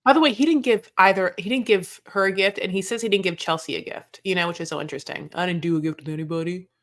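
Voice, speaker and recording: A young woman in a casual recap chat, speaking at a middle pitch. She jokes, swears offhandedly and acts out lines from the show as she retells scenes. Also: fast talker, a bit bright. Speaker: podcast co-host.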